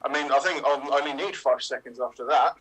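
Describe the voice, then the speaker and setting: A man performing an improvised comedy scene, halting and hesitant with many fillers. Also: medium pitch, crowd noise, low-quality recording.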